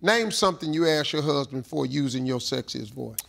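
A man hosting a TV game show, animated and teasing, with drawn-out exclamations over a loud studio audience. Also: mid-range voice, vocal fry. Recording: broadcast with loud crowd noise. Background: loud cheering studio audience.

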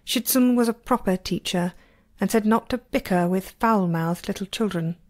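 A delicate young girl disciple gives crisp, cutting retorts, as a woman reads her. The delivery stays cool and measured. It is an amateur storybook reading. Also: mid-range voice, darkish tone, close to an everyday voice. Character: sweet young female disciple turned sharp-tongued.

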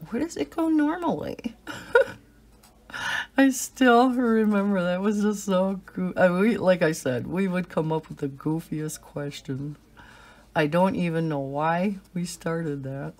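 A woman's voice: lowish voice, slow pace. A middle-aged American woman with a slight Southern twang and a cold, chatting and giggling as she tells stories while coloring. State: has a cold. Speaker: coloring channel host. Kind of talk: casual chat while coloring.

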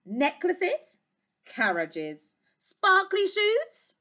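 A woman voicing a doting, excitable king who beams and asks eager questions in a storybook reading. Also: very high-pitched, very slow, pitched above the performer's own voice, exaggerated voice. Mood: beaming. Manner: beaming, eager, exaggerated.

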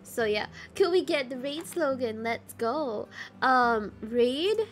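A woman's voice: sits high, animated, slow pace. A young woman from Malaysia chatting casually while streaming a game, reading chat aloud and swearing now and then. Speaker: VTuber streamer. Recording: faint game music behind.

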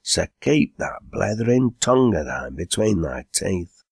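Gruff village schemer, read by a man, low and raspy. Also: big pitch swings, unhurried, darkish tone, dry recording, studio quality, exaggerated voice. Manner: broad dialect, gruff. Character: blunt, scheming male Lancashire villager.

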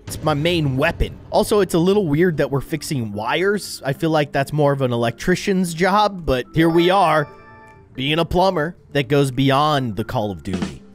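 A young man narrates his gameplay with a lively voice that rises and falls a lot, joking and getting flustered. Faint game music sits behind him. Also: fairly high pitch, normal speed. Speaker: gaming video host. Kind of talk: let's play commentary.

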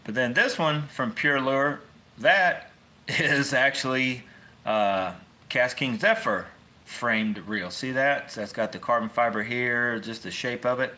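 A man who hosts a fishing channel chats casually into his phone in a rambling, folksy livestream, tossing in wry asides. His medium-pitched voice is unhurried with a sharp tone.

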